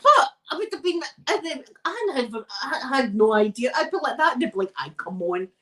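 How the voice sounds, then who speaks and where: A woman's voice: high voice, big pitch swings, normal speed, a bit bright, slight background noise, rough recording. A Scottish woman chatting on a live stream while she irons, telling rambling stories and laughing often. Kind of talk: casual chat while ironing.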